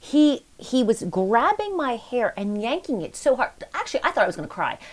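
A woman in her thirties, a mother and host, telling a story in a lively, self-deprecating way with laughs. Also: on the high side, normal speed. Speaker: podcast host, mother of a toddler. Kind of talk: casual conversational storytelling.

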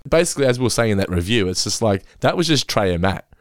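A man hosting a casual podcast, recapping an episode quickly with swearing and laughing asides. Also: lowish voice, big pitch swings, dry recording, clean studio sound. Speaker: podcast host. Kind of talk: casual episode review chat.

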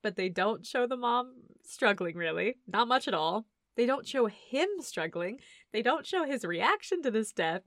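A woman co-hosting a casual movie chat, animated and laughing, acting out scenes in quick voices. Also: on the high side, no room sound, clean studio sound. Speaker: podcast co-host reviewing a movie.

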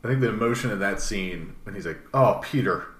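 A man's voice: on the low side, quick pace, a bit bright. A man hosting a casual film discussion podcast, laughing often as he retells the story. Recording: echoey room, faint noise.

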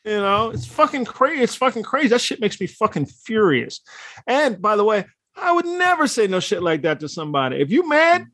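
A man in casual conversation, telling stories in a heated, animated way with plenty of swearing. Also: high voice, no echo, studio quality. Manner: animated, profane, heated storytelling. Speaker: podcast co-host. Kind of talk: casual chat.

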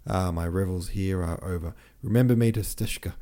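An eager, reckless young prince, as a man reads him aloud, impatient to be off. A deep, mellow voice hurries the lines along in this audiobook scene. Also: moderate pace, close to an everyday voice. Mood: wistful.

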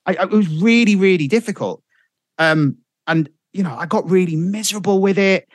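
A man's voice: high-pitched, a little fast, no echo, clean studio sound. A middle-aged man, a radio presenter telling stories in casual chat, swearing freely. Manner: animated storyteller, swears freely.

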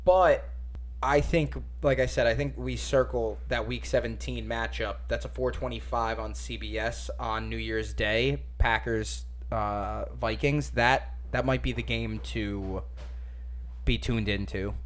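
A man's voice: medium pitch, fairly even intonation, measured pace. A man hosting a casual podcast chat, telling stories with laughs and swearing. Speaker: podcast host.

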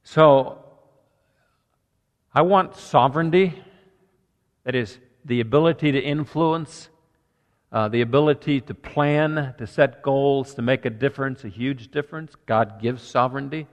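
A man's voice: mid-range voice, measured pace, in a large hall. A man preaching a sermon as pastor, earnest and conversational, working through numbered points.

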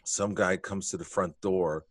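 Animated profane man telling a story. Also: deep voice, unhurried, dry recording. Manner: animated, profane, acts out quotes. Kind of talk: casual storytelling chat.

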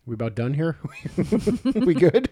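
A man co-hosting a podcast, joking with his wife and laughing often. His pitch moves around a lot and rises when he laughs. The sound is close and dry, with no room behind it. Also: sing-song, measured pace, warm tone, no echo. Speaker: podcast co-host. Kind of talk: casual banter between spouses.

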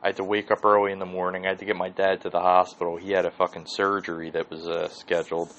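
A man's voice: low-pitched, flat delivery, fast talker, fairly bright tone, a little hiss or hum, poor audio. A man hosting his own podcast, telling a rambling, profane story in a casual solo monologue. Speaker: podcast host.

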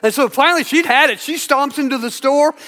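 A man's voice: very high voice, a little fast, bright, forceful tone. A man preaching a sermon in an emphatic, earnest way, repeating words for effect. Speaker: pastor. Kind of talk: sermon with storytelling. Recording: echoey hall reverb.

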